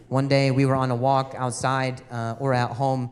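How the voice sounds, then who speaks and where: A man's voice: medium pitch, flat delivery, normal speed, few pauses, in a large hall, crowd noise, noisy background. Stammering male stand-up comic. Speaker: stand-up comedian. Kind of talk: stand-up comedy storytelling.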